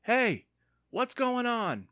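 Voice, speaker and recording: A man's voice: medium pitch, big pitch swings, moderate pace, no echo, clean studio sound, natural voice. A man voicing a feisty, tough young girl who talks bluntly and scornfully. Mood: calling out.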